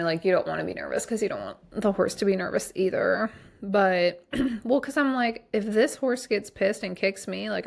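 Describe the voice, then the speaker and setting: Woman, podcast host, casual rambling monologue, lots of fillers, gravelly vocal fry. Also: mid-range voice. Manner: chatty, rambling, heavy use of fillers like "like" and "um".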